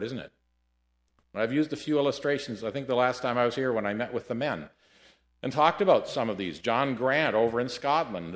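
A man delivering a sermon in an easy storytelling manner. His voice sits at a middling pitch and swings between quiet, low passages and loud, emphatic peaks. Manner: storytelling, lively shifts between hushed and loud. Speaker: preacher. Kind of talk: sermon with anecdotes.

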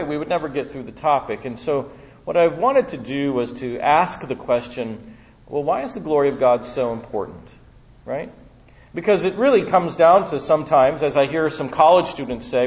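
A man's voice: on the high side, dull audio. A man preaching at a conference, telling stories casually with lots of fillers before moving into prayer and teaching. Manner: casual storytelling with many fillers. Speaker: guest preacher. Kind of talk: conference sermon. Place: conference hall. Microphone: handheld or stand microphone.

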